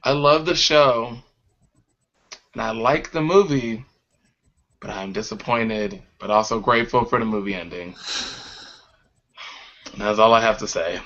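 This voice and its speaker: Sassy bright-voiced young man. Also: on the low side, measured pace, pauses often. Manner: sassy, playful, bursts into exclamations. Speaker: podcast co-host. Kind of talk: casual chat. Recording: dull lo-fi webcam audio.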